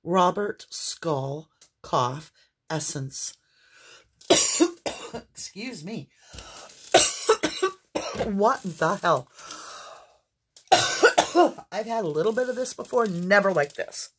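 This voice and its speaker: A woman's voice: lowish voice, expressive, takes it slowly, pauses often, slight background noise. A woman giving an intuitive tarot reading to viewers, earnest and exclamatory, with fits of coughing. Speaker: tarot reader.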